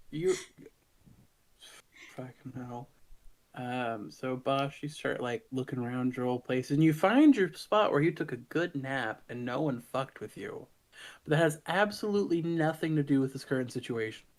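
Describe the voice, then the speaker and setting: A man's voice: medium pitch, a little slow, a little mellow, poor audio. Profane, casual male game master. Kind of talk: narrating a tabletop game.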